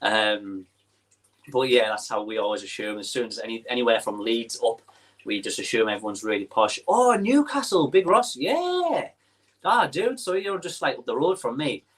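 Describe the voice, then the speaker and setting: A man's voice: lowish voice, a little fast, fairly bright tone. A young man with a Teesside accent, hosting a casual livestream and chatting while he reads viewer comments aloud, with lots of ums and restarts. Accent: Teesside English. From northeast England. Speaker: livestream host.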